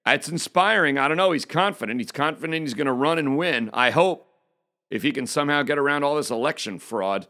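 A man's voice: fairly high pitch, lively intonation, fairly quick, sharp tone. A man giving an indignant opinion monologue as a political commentator, speaking emphatically. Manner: emphatic, indignant, reads quotes aloud.

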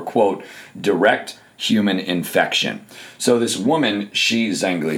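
A man hosting a political commentary podcast in a hoarse, scratchy, low voice, making his points emphatically and stacking up repeated phrases. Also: fairly bright tone. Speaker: podcast host.

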